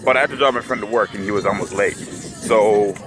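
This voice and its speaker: A man's voice: on the low side, fairly quick, background noise. A young man telling a story to camera in a casual, rambling way, full of filler words. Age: young adult. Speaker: vlogger.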